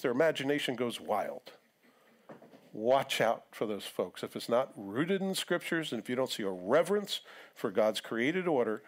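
A male pastor preaching a live sermon to his congregation in a conversational way, acting out quotes now and then. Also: medium pitch. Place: church sanctuary.

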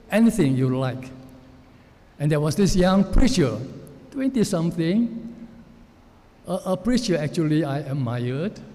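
A man preaching a sermon as pastor, speaking in a slow, reflective way with frequent pauses and fillers, recorded in a church sanctuary. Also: a little high, dark tone. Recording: long church hall reverb with faint noise.

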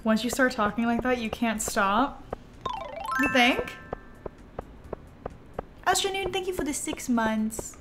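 Bubbly young woman streamer chatting. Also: fairly high pitch. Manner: chatty, bubbly, with quick gasps and trailing asides. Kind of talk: casual gameplay chat with viewers. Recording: music playing in the background.

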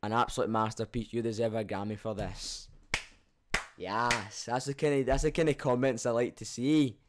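A man's voice: mid-range voice, fairly even intonation, normal speed, background noise. A young man with a Scottish accent, reading out his own channel's comments and reacting with cheeky, sweary banter. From Scotland. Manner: cheeky, swears freely, laughs at himself. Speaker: YouTuber.

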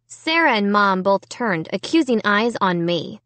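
A woman's voice: mid-range voice, very animated, measured pace, a bit bright, dry recording. A woman giving a scripted first-person audiobook narration.

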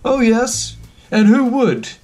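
A man's voice: very high voice, sing-song, takes it slowly, a little mellow, soft background music, pitched above the performer's own voice, full character voice. A man voicing a pompous, snooty male flamingo with a sneering, haughty manner in a storybook reading.

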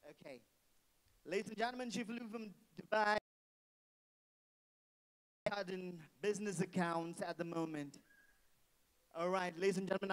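A man's voice: high-pitched, low-quality recording. A man acting as the MC at a wedding reception, hyping the crowd on a handheld mic and repeating his phrases. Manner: hypes the crowd, repeats phrases, calls for noise. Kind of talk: live wedding reception hosting. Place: indoor reception hall. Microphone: handheld microphone.

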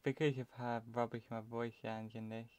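A man's voice: mid-range voice, flat delivery, moderate pace, darkish tone, clean tone, dry recording. A young British man from the UK, chatting and rambling to himself as he plays a video game. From United Kingdom. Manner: rambling, self-talking, trails off mid-sentence. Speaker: let's play commentator. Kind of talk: casual game commentary.

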